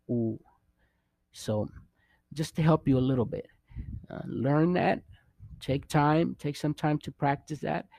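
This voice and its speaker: Slow-talking guy with a gravelly dark voice, patient teacher vibe, dry close sound. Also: medium pitch, no echo. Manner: patient, encouraging, repeats words slowly. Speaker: Spanish teacher. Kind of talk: casual spoken lesson.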